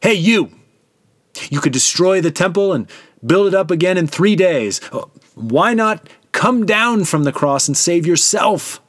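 A man's voice: high voice, lively intonation, a little slow, no echo, studio quality, voice pushed up. A man voicing jeering male onlookers who taunt a crucified man, in a sneering, mocking manner.

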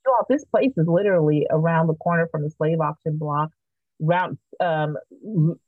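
A woman guest in a podcast interview, telling a lively story and acting out the voices of the people in it. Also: low voice, normal speed, no echo. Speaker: guest, artist and activist. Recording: thin, phone-like sound.

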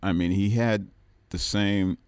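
A man speaking as a guest on a radio music show, relaxed, with frequent fillers. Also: lowish voice, slow pace, clean tone, no room sound. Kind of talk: casual radio conversation. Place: radio studio.

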